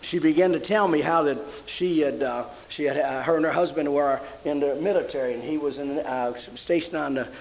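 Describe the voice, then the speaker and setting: A man's voice: a little fast, hardly any pauses, darkish tone, slight background noise, low-quality recording. An older man preaching a sermon, telling a story and rising into fervent praise. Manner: fervent, rising to high emotional exclamations.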